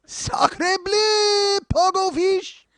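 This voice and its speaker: A man putting on a loud, hammy mock French accent to play a brash Frenchman poking his head into a show. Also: extremely high pitch, steady tone, drawn-out words, voice pushed up, full character voice.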